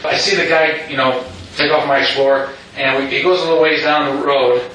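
A man's voice: fairly high pitch, steady tone, fairly quick, sharp tone, a little hiss or hum. A middle-aged man telling a personal story to an audience, rambling with many asides and restarts. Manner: rambling, with frequent "you know" asides and restarts. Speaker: speaker telling his story. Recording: echoey hall, distant mic.

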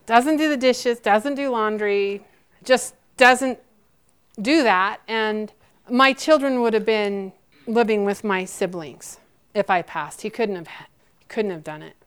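A woman in her forties answering audience questions about her near-death experience, earnest and halting, with frequent restarts. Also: mid-range voice, clean tone.

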